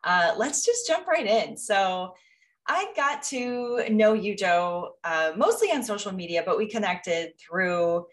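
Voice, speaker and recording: A woman hosting a podcast interview, asking relaxed questions with frequent fillers. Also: mid-range voice, slow pace. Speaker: podcast host.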